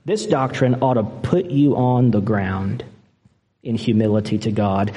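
A man's voice: lowish voice, normal speed, warm tone. A man preaching a sermon as a pastor, earnest and impassioned, at times moved near tears. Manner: earnest and impassioned, growing emotional. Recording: long reverb of a large hall.

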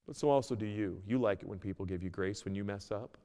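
A man preaching a sermon as pastor, earnest, moving between loud emphasis and a quiet plea. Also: lowish voice, quick pace, big-room sound. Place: church sanctuary.

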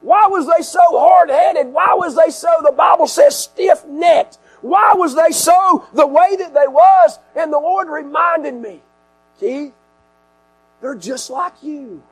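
Man preaching in a tent, very high voice, mains hum under the recording. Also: unhurried, few pauses, rough recording. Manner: preaching with sudden shouts and hushed drops. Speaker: pastor. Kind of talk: sermon. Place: outdoor tent service.

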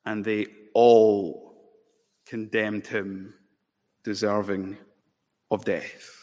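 A man preaching a sermon in a church, dramatic and impassioned, rising to emphatic peaks and slowing into solemn stretches. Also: lowish voice, flat delivery, darkish tone. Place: church sanctuary. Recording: long hall reverb.

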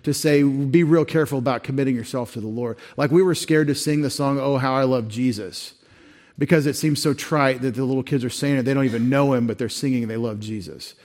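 A man's voice: mid-range voice, fairly quick, a little mellow. Conversational man preaching a sermon. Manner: conversational, rising to emphatic when reading verses. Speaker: pastor.

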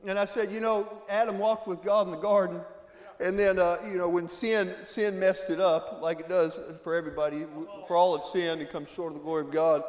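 A man from Florida preaching an emotional testimony sermon as guest preacher, dropping to a hush and rising to loud cries. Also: sits high, steady tone, fairly quick. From Florida, USA. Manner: emotional, swings from hushed to loud exclaiming. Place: church sanctuary. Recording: echoey church hall, long reverb.

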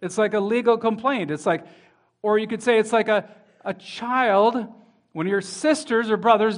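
High-voiced man preaching a sermon. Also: moderate pace. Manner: preaching with rising emphasis and quotes from scripture; addresses children in the congregation. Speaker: pastor.

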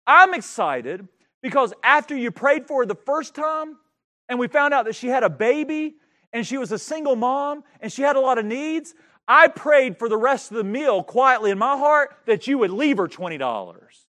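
A man voicing his excited young wife as she earnestly explains herself in the middle of a spoken sermon story. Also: medium pitch, normal speed, voice pushed down. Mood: joyful.

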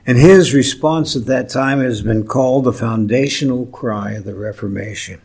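A man preaching a sermon, slow and deliberate, with emphatic pauses and touches of humor. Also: medium pitch, vocal fry, darkish tone, breathy edge. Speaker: pastor.

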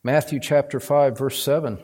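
A man's voice: medium pitch, steady tone, normal speed, darkish tone. A male pastor preaching a sermon, emphatic, climbing to stressed points and repeating words for weight. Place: church sanctuary.

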